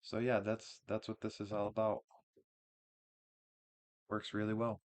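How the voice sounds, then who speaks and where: Hosting his own gaming channel, a man with a fairly low, unhurried voice talks through a game build in a loose, rambling way, full of fillers and frequent restarts.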